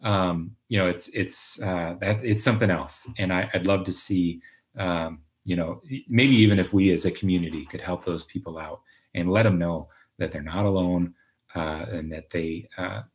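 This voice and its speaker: Man, low pitch, casual live chat, rambling, filler words. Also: fairly even intonation, normal speed. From Minnesota, USA. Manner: rambling, many fillers and restarts. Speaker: livestream host.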